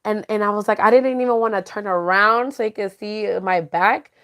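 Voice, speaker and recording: A woman's voice: mid-range voice, normal speed, a bit bright. Laughing woman podcaster, casual chat. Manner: laughs often, drops Spanish words. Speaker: podcast co-host. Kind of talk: casual chat reading live comments.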